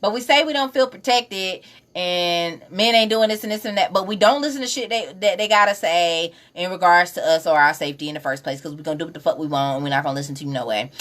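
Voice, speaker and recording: This is a woman, hosting a casual live stream. Her voice sits a little low, and she talks in a loose, animated way as she reads comments and gives her own take. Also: fast talker. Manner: animated, conversational, with informal slang. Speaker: livestream host reading comments. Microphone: phone or webcam on a live stream.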